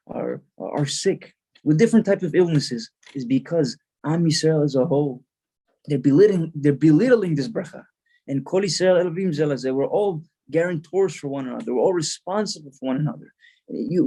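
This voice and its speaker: A man's voice: fairly high pitch, dark tone. A male rabbi giving a storytelling sermon, earnest, repeating words as he builds the story.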